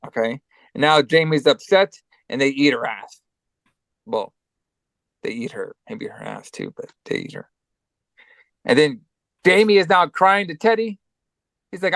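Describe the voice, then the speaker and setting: A man's voice: fairly high pitch, huge pitch swings, measured pace, gravelly, pauses often, a bit bright, dry recording. A man co-hosting a podcast, casually recapping a movie in a rambling, profane way and acting out lines. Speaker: podcast co-host.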